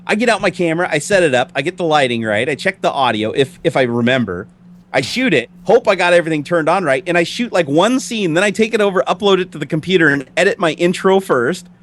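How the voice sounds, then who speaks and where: A man talking as a guest on a casual tech show, excitable and poking fun at himself. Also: on the high side, slight background noise. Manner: rapid, excitable, self-deprecating. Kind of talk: casual chat.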